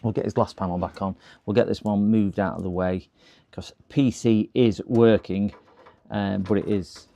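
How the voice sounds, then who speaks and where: A man's voice: fairly low pitch, fairly even intonation, moderate pace, vocal fry, dark tone, muffled recording. A man talking casually on a livestream while repairing a PC, muttering to himself as he works. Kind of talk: casual live commentary while working.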